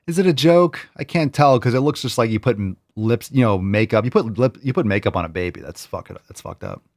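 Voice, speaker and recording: Low-voiced mocking male reaction host. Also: lively intonation, a little fast, vocal fry, no echo, studio quality. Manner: mocking, incredulous, repeats clips. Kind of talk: reaction commentary.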